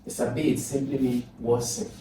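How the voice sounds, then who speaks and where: A man's voice: medium pitch, flat delivery, fairly quick. Tutor guy explaining exam english, voice far off the mic, lots of hiss. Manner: explains step by step, repeats words, asks questions aloud. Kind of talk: recorded lesson. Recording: very echoey room, distant mic, noisy.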